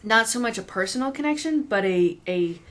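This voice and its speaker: A woman's voice: fairly high pitch, lively intonation, fairly quick, fairly bright tone. A woman co-hosting a casual movie review podcast, talking in a chatty, hesitant way with fillers and restarts. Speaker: podcast co-host.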